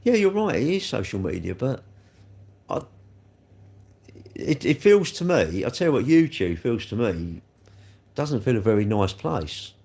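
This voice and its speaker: A man's voice: medium pitch, very animated, measured pace, gravelly, pauses often, darkish tone. A man streaming live, rambling and repeating himself as he talks straight to viewers about their comments. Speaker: livestreamer.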